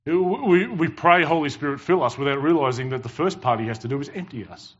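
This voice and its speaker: Animated pastor preaching. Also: male voice, fairly high pitch, fairly quick, slightly rough. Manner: animated, emphatic storytelling with jokes. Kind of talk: sermon. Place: church. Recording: dull lo-fi church recording.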